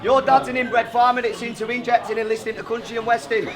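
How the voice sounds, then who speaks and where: Brash battle rapper, loud crowd. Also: male voice, extremely high pitch, steady tone, fast. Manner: taunting, brash, swearing. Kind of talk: rap battle verses over a loud crowd. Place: bar venue, indoors. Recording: loud crowd and noise in a bar.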